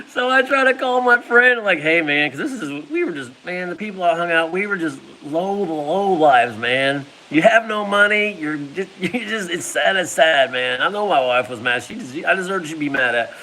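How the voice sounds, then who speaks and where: A man's voice: fairly high pitch, expressive, moderate pace, pushed and bright, slight background noise, rough recording. A man telling a casual personal story, laughing often and making sound effects. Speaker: vlogger.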